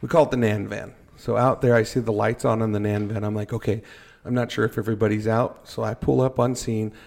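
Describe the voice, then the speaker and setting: A middle-aged man telling a story on a podcast, animated and joking as he goes. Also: lowish voice, brisk, vocal fry. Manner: animated storyteller, jokey asides. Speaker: podcast guest. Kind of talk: casual storytelling.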